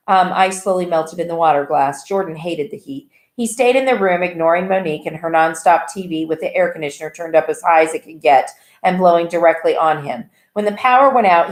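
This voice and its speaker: A woman reading a novel aloud in an even, plain way with small slips. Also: on the low side. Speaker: audiobook reader. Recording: echoey room.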